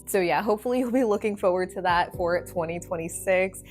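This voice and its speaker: A young woman talking casually to her viewers in a lower voice. She rambles and apologizes as she goes, with faint music underneath. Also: fairly quick. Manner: chatty, apologetic, rambling with fillers. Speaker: nail polish channel host. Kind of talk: casual talk to camera.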